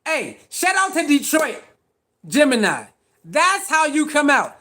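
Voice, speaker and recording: Man, very high voice, sports stream host, argumentative, slangy, repeats rhetorical questions. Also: huge pitch swings, measured pace, pushed and bright. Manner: casual slangy speech. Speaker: sports talk show host. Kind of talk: live-stream commentary answering chat.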